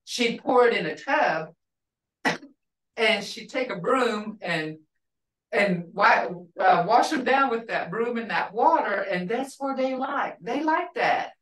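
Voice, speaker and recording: An older woman teaching a language class, telling a family story in a rambling, warm-hearted way with restarts. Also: a little high, lively intonation, takes it slowly, recorded from a distance. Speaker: language instructor. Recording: roomy sound from off the mic.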